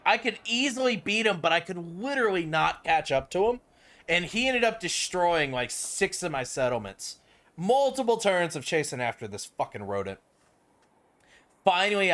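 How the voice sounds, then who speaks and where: A man's voice: on the high side, a bit bright. Rambling, cussing young male game streamer. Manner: rambling, profane, full of fillers. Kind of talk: casual gameplay commentary.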